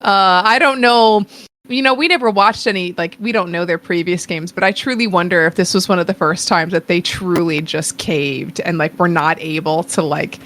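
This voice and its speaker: A woman's voice: lowish voice, normal speed, fairly bright tone. A woman co-hosting a podcast in casual chat, giggling often as she talks. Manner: giggly, laughs often between remarks. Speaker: podcast co-host.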